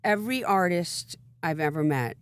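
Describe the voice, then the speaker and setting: A woman hosting an interview, encouraging her guest with quick interjections and frequent laughter. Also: on the low side, expressive, clear, resonant tone. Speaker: podcast host. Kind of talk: casual interview chat.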